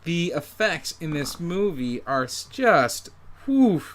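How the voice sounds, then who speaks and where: Guy cohosting a movie podcast, kinda high voice, joking around, sarcastic. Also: very animated, slow pace. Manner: joking, sarcastic, laughs often. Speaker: podcast co-host. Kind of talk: casual movie-review chat.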